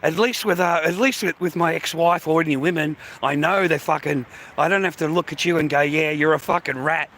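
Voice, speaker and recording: An Australian man on a casual livestream, grumbling and cursing at his viewers with frequent laughs. His voice sits high for a man and sounds bright and forceful. A faint hiss runs under it. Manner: swearing, griping, laughs often. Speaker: live streamer.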